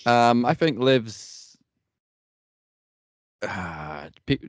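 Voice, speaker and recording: A man co-hosting a wrestling podcast, calmly breaking down the matches in a measured, analytical way. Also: medium pitch, no echo. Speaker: podcast co-host. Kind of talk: casual chat.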